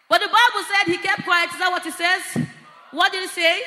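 Woman, preacher, sermon, very high voice, shouting often, long hall reverb. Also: normal speed. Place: church. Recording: echoey church hall.

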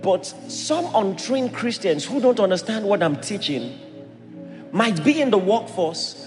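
A Nigerian man preaching a sermon as a pastor, animated and acting out voices in his stories. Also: high voice, measured pace, big-room sound, soft background music.

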